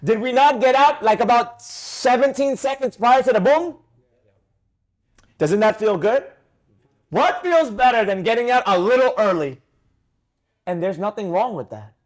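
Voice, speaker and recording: Male trading teacher, high voice, animated and emphatic, fires questions at students. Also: unhurried, pauses often. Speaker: trading instructor. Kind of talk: live trading class discussion.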